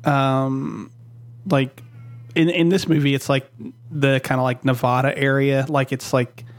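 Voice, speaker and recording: A man hosting a casual podcast, talking slowly and haltingly with many fillers, recorded on a home microphone over voice chat. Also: medium pitch, flat delivery, no room sound. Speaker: podcast host.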